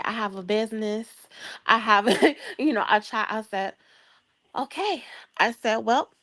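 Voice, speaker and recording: A young adult woman from the Chicago area, a guest telling a long story in a casual chat, lively and acting out the voices of the people in it. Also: a little high. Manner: lively, acts out quoted voices, laughs often.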